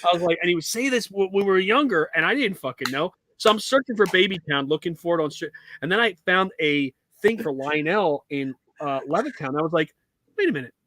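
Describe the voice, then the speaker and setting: A man co-hosting a casual podcast chat, an animated storyteller who swears freely and breaks into loud outbursts. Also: high voice, fairly quick, hardly any pauses, no echo. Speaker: co-host.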